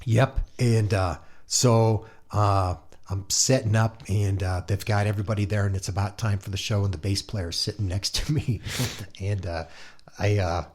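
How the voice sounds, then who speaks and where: A middle-aged man from Montana with a somewhat low voice, spinning a loose, chatty anecdote as a guest on a casual interview podcast. He slips into other people's lines as he tells it, in an easygoing way. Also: fairly even intonation, normal speed, a little mellow. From Montana, USA. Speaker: guest musician, guitar player.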